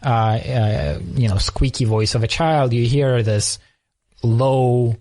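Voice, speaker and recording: A man's voice: mid-range voice, a little slow, a little mellow. A man in casual conversation, telling a story thoughtfully, often restarting as he searches for words. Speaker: podcast conversation partner.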